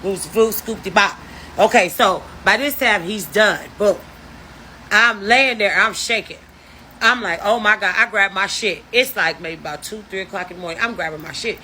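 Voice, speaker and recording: A woman in her fifties telling a story casually, in a blunt, profane and animated way. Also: mid-range voice, moderate pace, a little hiss or hum, poor audio. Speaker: storyteller vlogger.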